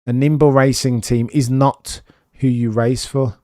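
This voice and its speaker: A young man streaming live race commentary, chatty and animated, with excited bursts and muttered asides. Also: medium pitch, unhurried, dry recording, studio quality.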